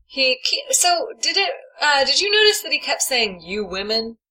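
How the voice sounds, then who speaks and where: A woman's voice: high voice, moderate pace, low-quality recording. A woman co-hosting a casual podcast, recapping a TV episode in a chatty, laughing way. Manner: chatty, laughing, animated asides. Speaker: podcast co-host. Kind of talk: casual chat recapping a reality show.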